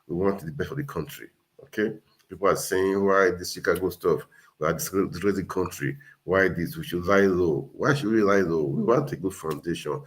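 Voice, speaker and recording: A man hosting a casual livestream, earnestly urging viewers and repeating himself. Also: low-pitched. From Nigeria. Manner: earnest, repetitive, exhorting. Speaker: livestream host.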